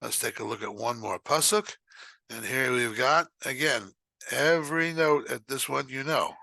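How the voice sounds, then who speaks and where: A man teaching a recorded lesson, explaining quickly in short bursts and then chanting phrases slowly. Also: medium pitch, animated, vocal fry, sharp tone, slightly rough, dry recording.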